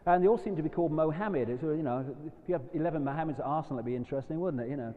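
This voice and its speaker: A man's voice: a little high, rapid-fire, hardly any pauses. A man giving a rambling, impassioned live lecture to an audience. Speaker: public speaker. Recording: dull lo-fi recording in a long-reverb hall.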